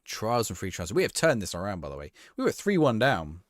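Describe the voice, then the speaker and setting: A man's voice: on the low side, huge pitch swings, fast talker, dry recording, studio quality. A young man casually chatting through a live game stream, answering chat in a rambling, easygoing way and laughing often. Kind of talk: casual gameplay commentary, reading chat.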